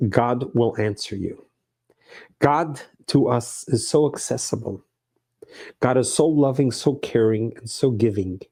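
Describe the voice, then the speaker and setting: Earnest preaching rabbi, mellow voice. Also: male voice, mid-range voice. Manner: earnest, emphatic preaching with repeated phrases. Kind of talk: sermon.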